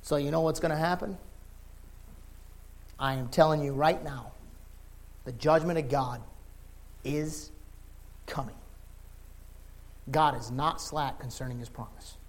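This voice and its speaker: A middle-aged male preacher with a high voice delivers a sermon in plain, folksy language. He drops low and quiet, then climbs into impassioned shouting. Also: unhurried, pauses often. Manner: folksy, informal phrasing.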